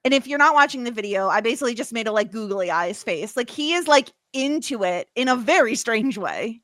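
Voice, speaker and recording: Podcast co-host, woman, high bright voice, very animated, profane, dry close mic. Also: a little fast, no echo. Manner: animated, laughs often, swears freely. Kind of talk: casual recap chat.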